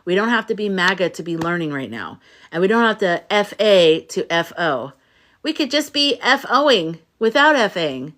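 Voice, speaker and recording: A woman's voice: mid-range voice, sing-song, moderate pace, fairly bright tone. A middle-aged woman hosting a casual livestream, talking to viewers in a playful, rambling way and swearing now and then. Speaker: livestream host, spiritual coach.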